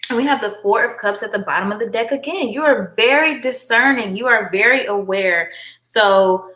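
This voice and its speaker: A woman's voice: on the high side, normal speed, sharp tone. A woman giving a chatty, affectionate live tarot reading, calling viewers honey and baby girl. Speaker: tarot reader and livestream host. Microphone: phone. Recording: echoey room.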